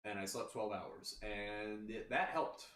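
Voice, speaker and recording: He speaks slowly, his fairly low voice carrying a bit of brightness. As a podcast host in casual chat, he meanders through a story with plenty of restarts and "you know," captured on a distant mic in a roomy room with faint background noise.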